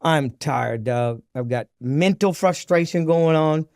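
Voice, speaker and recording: Man, high voice, animated storyteller, acts out dialogue, dry close mic. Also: slow, no echo. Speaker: podcast guest. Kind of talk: storytelling recovery testimony.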